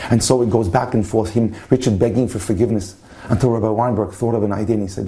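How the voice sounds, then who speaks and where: A man's voice: lowish voice, fairly even intonation, quick pace, dark tone. A man, a rabbi and lecturer, telling a story with passionate, dramatic storytelling.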